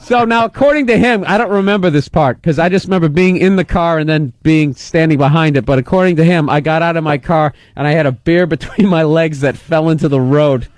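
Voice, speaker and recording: Animated man telling a story, high voice. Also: a little fast, few pauses, dry recording. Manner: animated, acts out the other people in his story. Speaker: comedian guest. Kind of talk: storytelling in casual radio chat. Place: radio studio.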